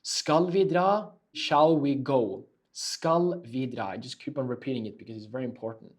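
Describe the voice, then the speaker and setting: Man teaching in quick bursts. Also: medium pitch. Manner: repeats key phrases slowly, then explains quickly. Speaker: language teacher. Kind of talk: casual language lesson.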